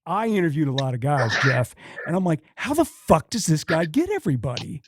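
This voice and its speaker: A man with a fairly high voice hosts an interview podcast. He talks casually and bluntly, tossing in a curse now and then, and the sound is dry and close. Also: big pitch swings, brisk, no echo. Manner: casual and blunt, swears freely. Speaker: podcast host.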